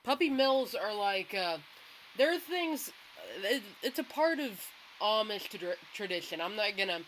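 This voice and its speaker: A woman's voice: mid-range voice, sing-song, measured pace, fairly bright tone. Blunt woman on a hissy mic. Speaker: podcast co-host. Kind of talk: casual chat. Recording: noisy with clear hiss.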